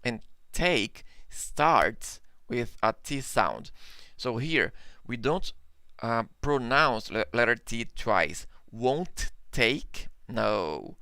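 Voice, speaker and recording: A Brazilian man teaches English in a live online class, speaking slowly and patiently. His voice is bright and gravelly, with a clear, crisp tone. He repeats his examples and keeps checking in with a quick "okay?". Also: mid-range voice, no room sound. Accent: Brazilian Portuguese. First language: Portuguese.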